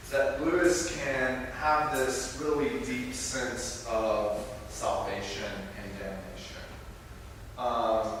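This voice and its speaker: A man's voice: medium pitch, a bit bright, slight background noise. A man preaching a reflective talk, thoughtful and searching for words, recorded on a distant mic in a large church hall. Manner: thoughtful, with fillers and restarts. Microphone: distant room mic. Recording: echoey hall from far off.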